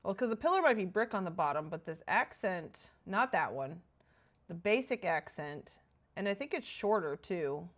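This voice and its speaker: Streamer woman, chatty and excitable, lively up-and-down voice, casual game chat. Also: fairly low pitch, normal speed. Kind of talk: casual livestream chat while playing.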